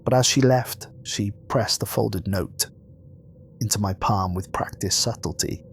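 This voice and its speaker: Low-voiced guy reading a creepy story, slow and somber, faint background hum. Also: vocal fry. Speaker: narrator. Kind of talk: scripted horror narration.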